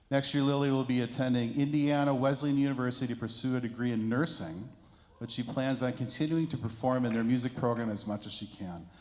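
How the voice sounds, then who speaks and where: A man, a band director, reads an award tribute in a school auditorium. His voice sits mid-range and catches with emotion as he goes. A long hall reverb trails behind each phrase. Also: medium pitch. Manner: emotional, halting, reading prepared remarks. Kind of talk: award presentation speech. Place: school performing arts center.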